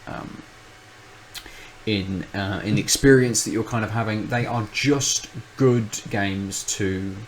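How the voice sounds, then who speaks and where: A man's voice: lowish voice, slow pace, a crowd in the background, rough recording. A man, co-host of a podcast, in casual chat, rambling and thinking aloud with many restarts.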